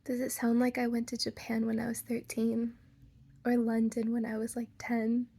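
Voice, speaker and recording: A woman's voice: a little high, monotone, normal speed, creaky, mellow, breathy edge. A young woman with an American Valley girl accent, talking casually to camera, full of "like" fillers, playful asides and half-whispered lines. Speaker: vlogger.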